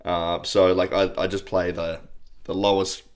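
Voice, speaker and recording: A young adult man with an Australian accent, co-hosting a casual chat, relaxed and swearing, often repeating words. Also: deep voice, unhurried. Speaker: podcast co-host.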